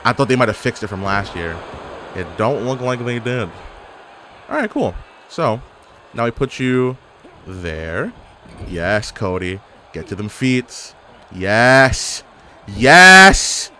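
A man's voice: medium pitch, very animated, slow pace, long pauses, bright, forceful tone, slight background noise. A man giving casual gameplay commentary, exclaiming and throwing out playful trash talk. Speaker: gaming YouTuber.

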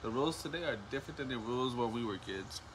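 A man's voice: mid-range voice, lively intonation, fast talker, background noise. A man adding short remarks of agreement in a casual chat.

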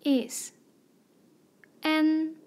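A woman teaching pronunciation as a slow instructional drill, spelling out letters one at a time in a deliberate way. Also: sits high, little pitch movement, darkish tone. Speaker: language teacher.

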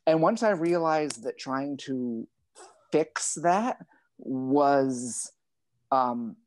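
A man's voice: mid-range voice, lively intonation, drawn-out words, a little mellow. A man, a librettist and translator, talking about his work over a video call in a thoughtful, digressive, wry way.

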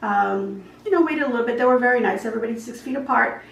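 A vlogger in her home kitchen tells a long, rambling story while cooking, chatty and full of asides. Her voice is fairly high and gravelly, and she talks fast. She's far from the mic in an echoey room, with a bit of hiss or hum.

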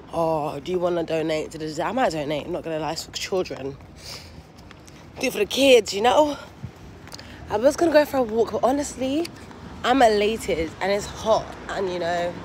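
A woman's voice: mid-range voice, noisy background. A young woman chatting casually in a vlog, rambling and asking "do you know what I mean". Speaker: vlogger. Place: out and about, car, gym, home.

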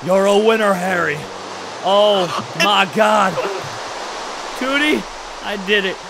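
A young man giving excited gaming commentary, yelping and shouting whenever danger hits. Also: sits high, slow pace, background noise. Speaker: gaming YouTuber.

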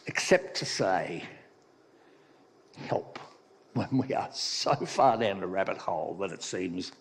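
Husky male pastor in a reverberant hall. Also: low-pitched, expressive, takes it slowly. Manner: conversational storytelling with playful joke-telling. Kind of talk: sermon. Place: church hall. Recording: long reverb of a church hall.

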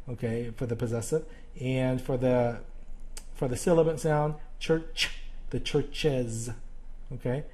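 A male teacher giving a recorded grammar lesson, speaking haltingly with many fillers and restarts. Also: medium pitch, warm tone.

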